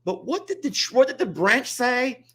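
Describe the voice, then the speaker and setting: Rambling, animated man. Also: very high voice, normal speed, breathy edge. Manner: rambling, self-mocking, chatty. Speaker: co-host of an animal sanctuary channel. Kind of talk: casual chat.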